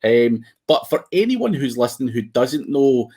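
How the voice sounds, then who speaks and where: A man's voice: medium pitch, normal speed, slightly rough. Guy hosting a podcast, laid back, lots of ums, easygoing questions. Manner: relaxed, filler-heavy, friendly questioning. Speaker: podcast host. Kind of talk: casual podcast interview.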